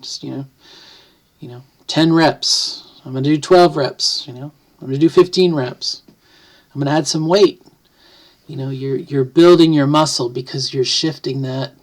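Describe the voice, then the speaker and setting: A middle-aged woman vlogging at home, casually explaining things to the camera and often correcting herself mid-sentence. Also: a bass voice. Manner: rambling, self-correcting, thinks aloud. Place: home, near the kitchen.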